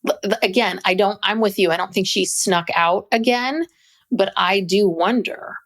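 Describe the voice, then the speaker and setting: A woman's voice: mid-range voice, moderate pace. A woman co-hosting a podcast, talking in a chatty, loose way with many restarts. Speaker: podcast co-host. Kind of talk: casual chat.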